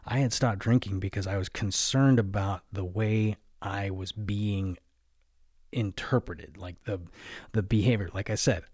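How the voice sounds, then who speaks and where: A man's voice: lowish voice, fairly even intonation, unhurried, a little mellow, slightly rough, no echo, studio quality. A young man telling his own story in a candid, confessional way, swearing often and tagging lines with "right?". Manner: candid, profane, fillers of "right?" and "like". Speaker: podcast host.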